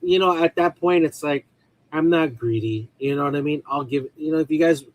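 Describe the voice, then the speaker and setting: A man's voice: a little high, brisk, low-quality recording. A man guest on a casual video call chat, rambling and repeating himself as he talks. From Filipino community. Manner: rambling, repeats "at the end of the day". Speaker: guest, toy seller.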